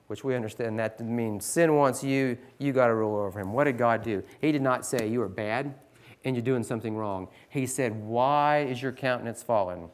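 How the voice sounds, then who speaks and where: A man's voice: mid-range voice, normal speed. A man in his forties, a teacher, earnestly teaching other teachers with scripture and stories. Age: 40s. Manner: earnest, pleading, reads scripture aloud.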